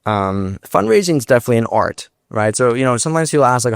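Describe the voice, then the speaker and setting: Young guy founder talking fast on stage, dry close sound, lots of acted-out quotes. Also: mid-range voice, lively intonation, vocal fry, clean tone, no echo. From United States. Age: young adult. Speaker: startup founder, guest speaker. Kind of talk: storytelling on stage. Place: stage before a large live audience.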